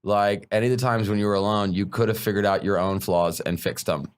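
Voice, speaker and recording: A man's voice: lowish voice, fairly even intonation, fairly quick, clear, resonant tone. A man, a stand-up comedian, talking frankly and bluntly in a casual podcast conversation, swearing freely.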